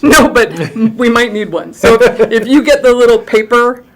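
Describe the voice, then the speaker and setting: A woman's voice: fairly high pitch, moderate pace. A middle-aged woman, a theatre director, chatting animatedly in an interview and laughing easily. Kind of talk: casual interview chat.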